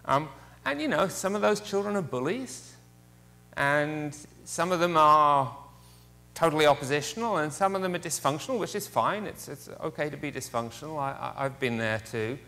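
A man's voice: on the high side, lively intonation, pushed and bright. Guest lecturer, male, nervous and self-mocking, lots of ums. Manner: self-deprecating, halting with many fillers. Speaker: guest speaker. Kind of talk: public lecture. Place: theater stage.

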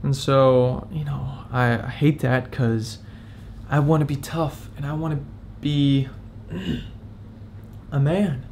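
A man's voice: mid-range voice, fairly even intonation, slow pace, darkish tone, a little hiss or hum. A young man in his twenties opening up in a confessional vlog, candid and reflective, talking as if close to tears. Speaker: vlogger.

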